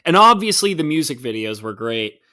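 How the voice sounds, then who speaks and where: A man in casual podcast chat, rambling with excitement. His voice sits a bit high and rings bright, with a lively, bouncy pitch. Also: clean tone. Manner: excitable, rambling, quick to laugh. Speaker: podcast host.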